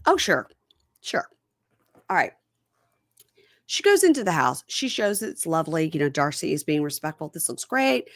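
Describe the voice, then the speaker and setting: A woman's voice: low voice, moderate pace, long pauses, no echo, clean studio sound. A woman hosting a podcast, chatting casually and acting out lines in funny voices. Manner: animated, acts out quotes in funny voices. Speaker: podcast host. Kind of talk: casual chat recapping a reality show.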